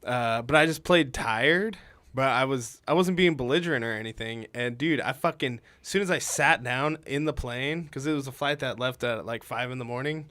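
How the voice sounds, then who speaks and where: A young man co-hosting a podcast, telling a story in a relaxed, profane way. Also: mid-range voice, normal speed, no echo. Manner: profane, laid-back, calls people dude. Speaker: podcast co-host. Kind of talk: casual comic storytelling.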